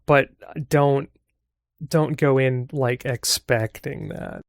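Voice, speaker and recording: A man who is a guest on a podcast, chatting in a relaxed, thoughtful way and laughing easily. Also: medium pitch, slow pace, no room sound, clean studio sound. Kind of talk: casual chat.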